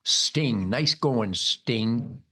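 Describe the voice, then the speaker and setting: An older American man hosting a rambling, mocking political monologue, bombastic and loud, with sudden high-pitched outbursts. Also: animated, very slow, husky. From United States. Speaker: host.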